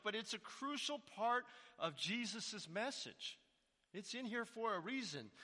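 Animated preacher in an echoing hall. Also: male voice, sits high. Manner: conversational, with rhetorical questions to the congregation. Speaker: pastor. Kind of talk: sermon.

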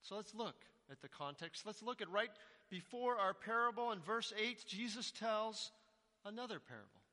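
A male pastor preaches in a high, very lively voice that swoops up and down, chatting with the congregation through rhetorical questions. His tone is crisp and very bright, and it echoes through a reverberant hall. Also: moderate pace. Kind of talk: sermon.

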